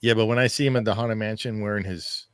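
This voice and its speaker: A man's voice: fairly low pitch, fairly even intonation, fast, clean tone, no room sound, clean studio sound. A man chatting casually with friends, telling stories and laughing often. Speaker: theme park fan on a group ride-through. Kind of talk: casual group chat.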